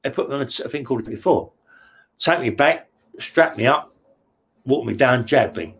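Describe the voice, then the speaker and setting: Man, mid-pitched, gruff true-crime interview guest, profane, rambling, keeps asking "yeah?". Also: animated, a little fast. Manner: blunt and profane, tags lines with "yeah?"; rambling and vivid, full of restarts and sound words. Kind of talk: casual true-crime storytelling.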